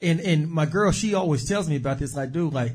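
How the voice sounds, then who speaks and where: A man's voice: fairly high pitch, fairly quick, a little mellow, slightly rough. A man co-hosting a casual chat, rambling with lots of fillers and digressions. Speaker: podcast co-host.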